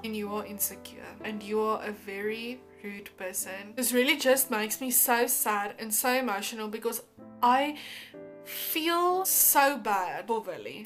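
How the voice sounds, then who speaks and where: A woman's voice: a little high, fairly bright tone. A woman vlogger talking casually and emphatically, reacting to comments with exasperation.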